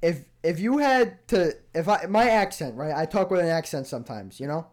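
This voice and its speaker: A young man, fairly high-voiced for a man, hosts a loose podcast chat with his friends. He talks in an animated way and laughs often. He pushes back on their teasing with good humor. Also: normal speed. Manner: animated, laughing, defensive banter. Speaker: podcast host. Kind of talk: casual chat among friends.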